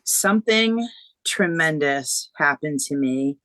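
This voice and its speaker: A woman guest author on a podcast, telling a story in an animated, emotional way. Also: low-pitched, slow, dry recording. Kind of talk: podcast interview.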